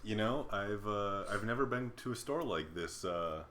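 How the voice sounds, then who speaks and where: Deep-voiced man, hesitant, playing a tabletop game. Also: animated, normal speed, fairly bright tone, a little hiss or hum. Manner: hesitant, many uh's. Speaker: player. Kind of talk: tabletop game chat, partly in character as a father.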